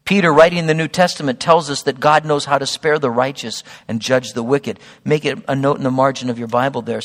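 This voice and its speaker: Gravelly-voiced pastor preaching in a hall. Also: male voice, medium pitch. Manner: emphatic, conversational preaching, addresses congregation as guys. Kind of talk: sermon. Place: church sanctuary.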